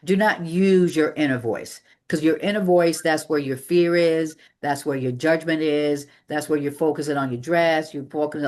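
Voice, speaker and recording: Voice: mid-range voice, fairly even intonation, moderate pace, few pauses, darkish tone. A public speaking coach giving a live training presentation to an audience in a meeting room, talking energetically and emphatically with shifting pace.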